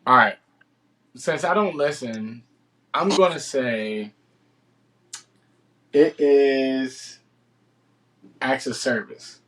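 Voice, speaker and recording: A man's voice: medium pitch, drawn-out words, long pauses, a bit bright. A man co-hosting a casual podcast, joking and teasing his co-host.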